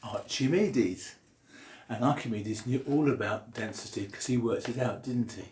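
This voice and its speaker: Jokey science teacher, echoey room. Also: male voice, mid-range voice, moderate pace, a little mellow, a little hiss or hum. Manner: jokey, punning, explaining while drawing. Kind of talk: comic science lesson. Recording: roomy echo.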